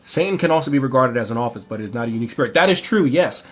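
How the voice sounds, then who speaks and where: A man hosting a livestream Q&A, ranting and mocking in an animated way, often rambling and correcting himself. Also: mid-range voice, very fast. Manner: animated, mocking, breaks into laughter. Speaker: livestream host.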